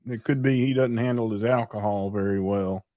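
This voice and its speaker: Relaxed male guest, dry sound. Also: on the low side, moderate pace, no room sound. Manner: relaxed, laughs easily. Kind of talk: casual chat.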